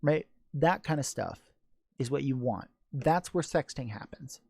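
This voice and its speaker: A man's voice: mid-range voice, animated, a little slow, creaky, a little mellow, breathy edge, dry recording, clean studio sound. A man hosting a casual live-stream Q&A on sex education, blunt and joking crudely.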